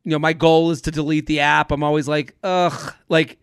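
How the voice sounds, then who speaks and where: High gravelly man telling stories. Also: level tone, moderate pace, dry recording, studio quality. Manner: rambling storyteller with restarts. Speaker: podcast host. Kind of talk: casual podcast chat.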